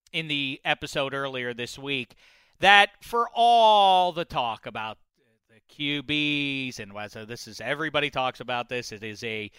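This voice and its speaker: A man hosting a casual sports talk show, joking and quick to laugh. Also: on the high side, pushed and bright, smooth, no echo. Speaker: podcast host.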